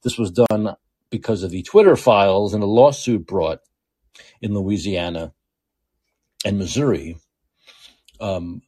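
A man with a New York accent delivers a political commentary monologue, hammering his points home by saying them again and again. His voice sits fairly low, with a husky edge and a warm, dark tone, and his pitch swings widely as he presses each point. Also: unhurried, long pauses. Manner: emphatic and repetitive, restating points. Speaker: show host.

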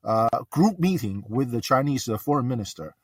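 Halting male caller, heard from a distance. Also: medium pitch, expressive, husky, no room sound. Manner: halting, many uh fillers, earnest. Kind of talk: casual call-in talk.

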